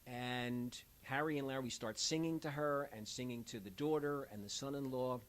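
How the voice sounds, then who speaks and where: Older man telling stories in a lively way. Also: medium pitch, normal speed, poor audio. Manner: animated storyteller, acts out quoted voices. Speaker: end-of-life doula. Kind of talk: conversational storytelling. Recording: faint hiss.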